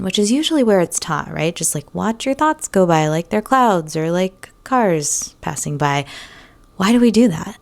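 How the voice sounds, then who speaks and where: A young adult woman talking casually as a mindset coach, chatty and full of "like" and "right?", sometimes dropping into a whisper. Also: fairly low pitch. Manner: chatty, frequent "like" and "right?", breaks into soft whispers. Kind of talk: casual solo talk to camera.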